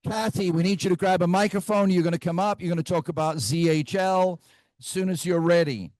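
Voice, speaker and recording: A man's voice: high-pitched, fairly quick, a little mellow, dry recording, studio quality. A middle-aged man leading a live team training in a meeting room, blunt and full of stories, often checking in with "right?".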